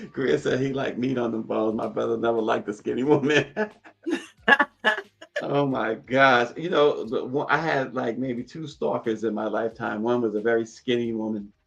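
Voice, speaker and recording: A man's voice: mid-range voice, moderate pace, vocal fry, dull audio. A man co-hosting a morning news show, chatting casually and chuckling often as he talks. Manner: chuckles often while talking.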